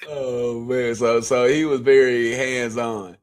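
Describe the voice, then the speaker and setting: A man with a mid-range voice co-hosting a podcast in relaxed, casual chat. He reflects calmly on his family and turns the talk over with questions. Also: medium pitch, takes it slowly. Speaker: podcast co-host.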